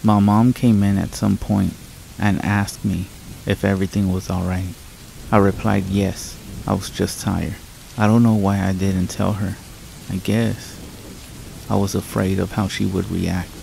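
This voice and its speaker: A man calmly narrating a scripted horror story in a measured storytelling manner, with rain sounds behind him. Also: low-pitched, creaky, slight background noise, rough recording.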